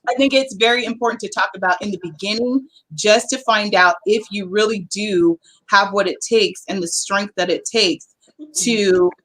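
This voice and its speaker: A woman from Southern California speaks with a Southern Californian accent. She is a panel guest with a mid-range voice, chatty and candid, filling her pauses with ums and likes. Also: mid-range voice, a bit bright. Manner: chatty and candid, with many fillers. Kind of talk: casual panel chat.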